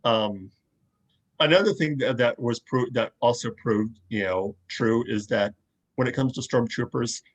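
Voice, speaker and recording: A man's voice: mid-range voice, a little slow, dull audio. A man co-hosting a show, speaking thoughtfully and searching for his words as he goes. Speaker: podcast co-host. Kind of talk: casual chat.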